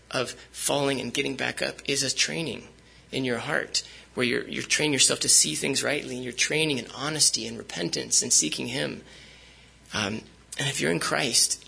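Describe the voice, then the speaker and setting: A man's voice: mid-range voice, vocal fry, pushed and bright, breathy edge, poor audio. A man preaching a sermon as pastor, speaking conversationally with frequent fillers and restarts.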